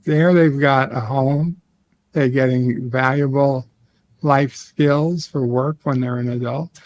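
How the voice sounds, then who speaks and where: A man in a casual live-stream chat, deadpan and joking with a mock-sinister edge. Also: mid-range voice, slow, dry recording.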